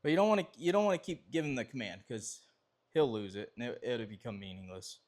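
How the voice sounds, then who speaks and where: A man's voice: medium pitch, fast talker, a little mellow. A man explaining dog obedience training in a casual, rambling way, often restarting his sentences.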